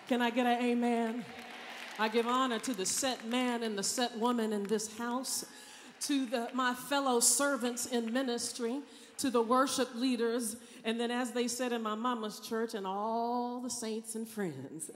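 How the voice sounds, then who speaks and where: A woman preacher delivering a Good Friday sermon, calling on the congregation for responses and rising to loud cries. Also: a little high, normal speed. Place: large church. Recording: long church hall reverb.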